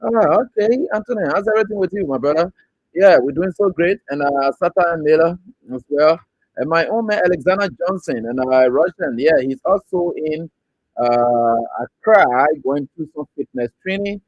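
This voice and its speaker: A man's voice: a little high, lively intonation, moderate pace, a little mellow, dry recording, lo-fi sound. A man from Liberia hosting an online talk show, greeting viewers by name and mocking his critics. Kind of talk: casual political commentary.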